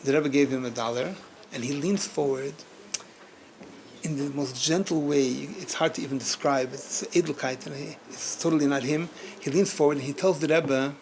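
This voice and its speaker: A man, a rabbi, telling a story at a community gathering, animated, often laughing and repeating words as he goes. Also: fairly high pitch, moderate pace, slight background noise.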